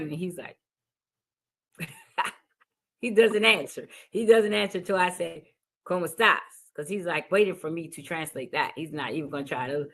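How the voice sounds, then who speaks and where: Middle-aged female teacher-host, low voice, chatty storyteller who acts out quotes. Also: fairly bright tone. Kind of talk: casual podcast talk.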